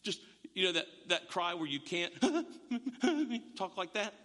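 A middle-aged man preaching a sermon in an animated, joking way, often restarting his words. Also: sits high, moderate pace. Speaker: pastor. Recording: long hall reverb.

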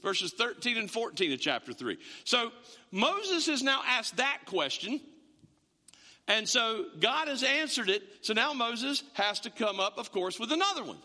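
A man's voice: extremely high pitch, big pitch swings, measured pace, sharp tone. A man preaching a sermon, telling stories with quoted voices and repeated words, as a pastor to a congregation. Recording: long hall reverb.

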